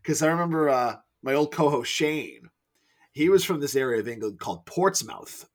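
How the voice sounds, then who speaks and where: A man hosting a podcast, chatting in an animated, quick-reacting way. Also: on the high side. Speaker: podcast host. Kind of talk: casual chat.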